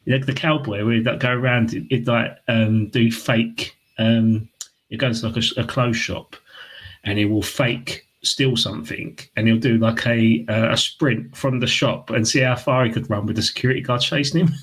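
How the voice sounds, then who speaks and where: A man co-hosting a casual podcast chat, an animated storyteller who acts out scenes and laughs as he goes. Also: medium pitch, normal speed, low-quality recording. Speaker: podcast co-host.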